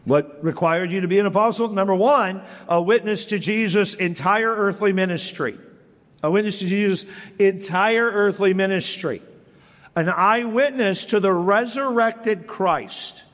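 A man preaching an expository sermon as a pastor, blunt and emphatic, slowing down to stress key words. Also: high-pitched, a bit bright, big-room sound. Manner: blunt, plain-spoken.

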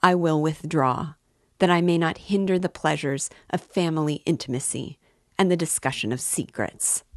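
A woman's voice: sits low, moderate pace, no echo, studio quality. A woman reading the part of a pompous, sarcastic middle-aged male suitor in a lofty tone.

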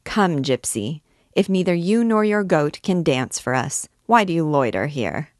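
A woman's voice: deep voice, a little slow, dry recording, studio quality. A woman reading the part of a fussy, indignant older noble lady, with haughty exclamations.

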